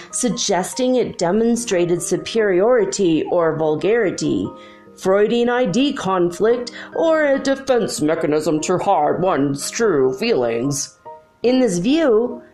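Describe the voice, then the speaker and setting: Middle-aged female host, low-pitched, giggly and animated in casual monologue, faint music bed. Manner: giggly, animated storytelling, frequent "like". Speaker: spiritual channel host.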